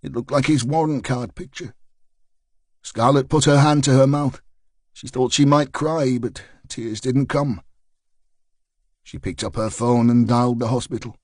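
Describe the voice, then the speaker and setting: A man narrating a mystery thriller audiobook in a steady, measured reading. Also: mid-range voice, no room sound, studio quality. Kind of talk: scripted narration.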